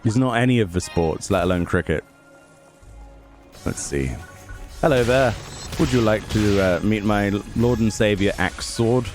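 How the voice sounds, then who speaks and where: Game music plays in the background as a man, a gaming YouTuber, delivers casual let's play commentary. His voice is fairly low, his pace measured with frequent pauses, and he grumbles sarcastically throughout.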